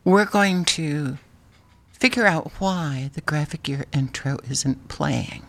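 A woman's voice: sits low, slow, gravelly, a bit bright. A woman hosting a radio show in a silly, playful way, laughing often between lines.

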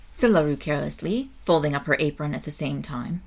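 A woman's voice: deep voice, a little fast, vocal fry, few pauses, a little mellow, slightly rough. A woman hosting a show and reading a classic novel aloud, stumbling now and then and breaking off for chatty asides. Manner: unpolished, stumbles and corrects herself, chatty asides. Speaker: reader and show host.

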